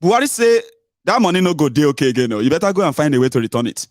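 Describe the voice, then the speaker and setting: A man's voice: medium pitch, lively intonation, very fast, darkish tone, no room sound, clean studio sound. A Nigerian man with a Nigerian accent, mixing in Pidgin and Yoruba, giving an emphatic, mocking political monologue full of rhetorical questions. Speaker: political commentator.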